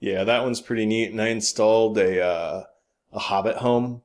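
Man, low voice, blunt podcast co-host, opinionated, swears casually. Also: steady tone, normal speed. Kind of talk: casual chat about games and movies.

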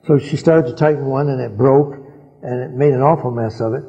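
A man's voice: medium pitch, a little fast. An older man recounting old memories to a gathering, rambling with frequent chuckles and fillers. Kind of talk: anecdotal storytelling talk. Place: large hall at a gathering. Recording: dull archival recording in reverberant hall.

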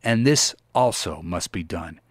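A man's voice: low-pitched, animated, unhurried, no room sound. A man giving a dramatic reading of an old sermon, preaching in a solemn, emphatic and pleading way. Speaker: sermon reader.

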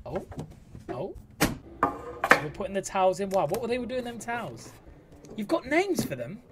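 A man's voice: high-pitched, very animated, normal speed, heavy background noise. A man gushing through cheeky, camp reaction commentary. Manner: camp, cheeky, gasping and squealing. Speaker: reaction video host.

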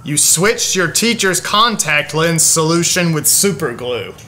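A man voicing a calm, level-headed male puppet friend in a comedic church skit, gently teasing and reasonable. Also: a little high, unhurried, a little hiss or hum, heavily acted. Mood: patient.

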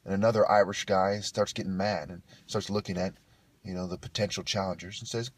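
A man's voice: deep voice, fairly even intonation, brisk, slightly rough, no room sound. A man delivering a profane, scornful rant to camera and breaking into bursts of laughter. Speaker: video blogger. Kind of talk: ranting monologue to camera.

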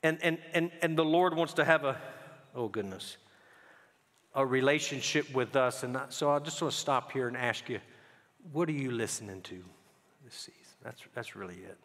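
A man's voice: mid-range voice, a bit bright. A man preaching a conversational sermon as a pastor, telling stories and often repeating words as he goes. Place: church sanctuary. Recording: long hall reverb.

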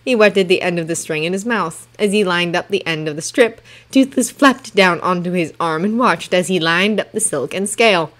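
A woman's voice: on the low side, moderate pace, few pauses. Woman narrating a fan story. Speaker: fanfiction reader. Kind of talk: audiobook narration.

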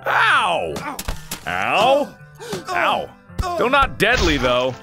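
A man's voice: sits high, very animated, slow pace, music in the background. A man hosting a gaming video, giving let's play commentary with horrified exclamations and frequent laughter.

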